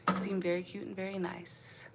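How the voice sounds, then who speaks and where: Laughing frequently, an American woman who grew up in Indianapolis works through her live stream's viewer comments one by one in a relaxed chat. She speaks in a level, medium-pitched voice with vocal fry at a moderate pace, and the recording is very noisy.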